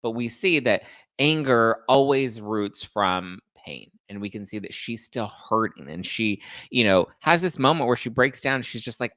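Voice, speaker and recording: A man's voice: medium pitch, expressive, a bit bright, no echo, clean studio sound. Chatty, sassy man recapping reality TV. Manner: fast, chatty, sassy, throws shade. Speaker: podcast host recapping reality TV. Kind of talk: live stream recap, casual chat.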